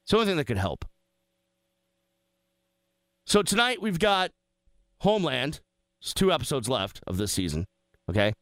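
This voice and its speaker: Animated man hosting sports talk radio. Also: fairly high pitch, normal speed, long pauses, no room sound. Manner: emphatic, conversational, animated. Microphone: studio microphone.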